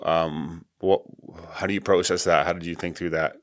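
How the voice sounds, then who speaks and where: Deep-voiced male podcast host. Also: steady tone, dry recording. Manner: conversational, halting, supportive. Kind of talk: interview questions.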